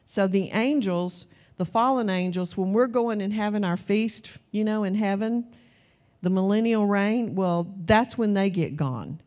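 A middle-aged woman preaching in a relaxed, conversational way, often tossing in "you know" as she talks. Her voice sits in a middle range, and she grows animated when she tells stories. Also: mid-range voice, measured pace, muffled recording. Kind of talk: sermon.

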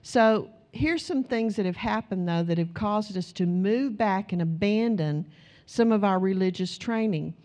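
Animated, chatty woman preacher. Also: medium pitch, measured pace. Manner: conversational, animated storytelling, many "you know"s. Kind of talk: sermon.

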